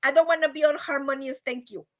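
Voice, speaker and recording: A woman hosting a casual livestream, chatty and animated, often asking "right?" and acting out quoted voices. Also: sits high, quick pace. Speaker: livestream host.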